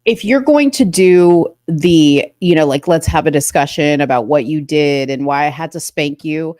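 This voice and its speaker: A woman with a lowish voice, chatting casually as a podcast co-host. She tells stories with an animated, dramatic flair, and the sound is close and dry. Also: moderate pace, no echo. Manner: animated storyteller, self-described dramatic. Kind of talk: casual chat.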